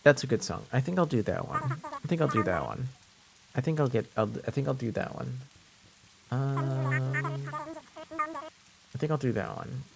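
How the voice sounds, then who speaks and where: A man's voice: mid-range voice, lively intonation, moderate pace, gravelly, pauses often, slight background noise. A man from French Canada streaming live, chatting casually and jokingly with his viewers, rambling and often repeating himself.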